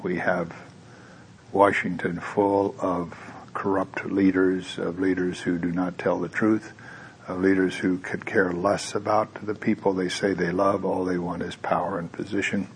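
A man's voice: sits low, level tone, unhurried, slight background noise. A man preaching a sermon, who talks in a conversational way with tag questions and then leads into prayer. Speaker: pastor.

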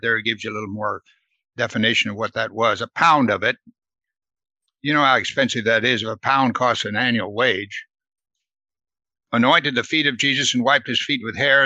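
A man's voice: mid-range voice, bright, forceful tone, dry recording, muffled recording. A man leading a Bible study in a conversational teaching manner, earnest and often asking his listeners "right?". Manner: earnest, asks the listeners questions, adds "right?".

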